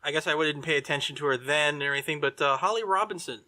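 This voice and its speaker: A man's voice: on the high side, fast, pushed and bright, slight background noise. A man co-hosting a movie podcast, talking casually with hesitant fillers and chuckles. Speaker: podcast co-host. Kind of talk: casual chat.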